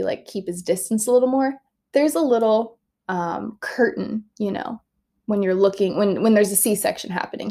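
A young woman in casual, animated storytelling, chatting warmly to her viewers and peppering her talk with "like" and "oh my gosh". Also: mid-range voice. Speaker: vlogger sharing a birth story.

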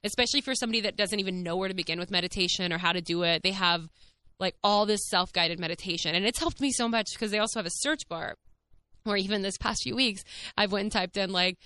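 A young woman talks openly into a close podcast mic, her voice bright and crisp. She is chatty and candid, laughing often and leaning on fillers. The sound is dry, with no room around her. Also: mid-range voice, fast, no echo. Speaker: podcast host. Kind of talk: casual personal chat.

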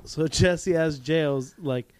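A man's voice: a little high, a little slow, smooth, no room sound. Laughing young man telling stories. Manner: laughing, swearing, animated storytelling. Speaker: podcast host. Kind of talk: casual chat.

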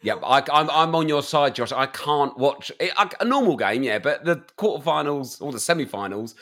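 A man co-hosting a podcast with a croaky voice, talking in a jokey, animated way and swearing now and then. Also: a little high, fairly quick. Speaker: podcast co-host. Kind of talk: casual chat.

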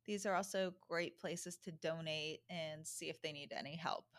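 A woman giving an informational announcement for a social media account, deliberately spelling out web addresses. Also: deep voice, fairly even intonation, loud music behind the voice.

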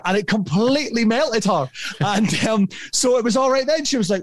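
A man in his fifties tells stories as a podcast guest, chatty and animated, laughing often. His voice sits fairly high. The sound is dry. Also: moderate pace, no echo. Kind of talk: casual storytelling.

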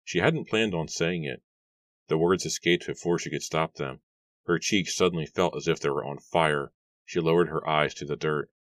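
A man narrating an audiobook in an even, steady storytelling manner. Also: rumbling low, moderate pace, no room sound. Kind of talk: scripted narration.

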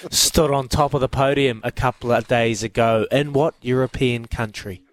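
A man's voice: medium pitch, fairly even intonation, moderate pace. A man with a New Zealand accent hosting a radio sports quiz, bantering and teasing callers. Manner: cheeky, teasing, laughs often.

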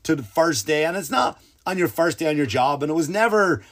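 Male podcast host, loose, profane, exasperated storyteller who slips into quick impressions. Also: on the high side, animated, a bit bright. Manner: mimics other people in quoted bits. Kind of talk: casual comedic monologue.

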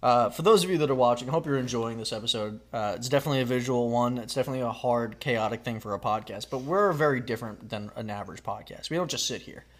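A man's voice: mid-range voice, fast talker, few pauses. A man hosting a comedy podcast, chatting casually during an impressions guessing game, laughing often and swearing freely. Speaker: podcast host.

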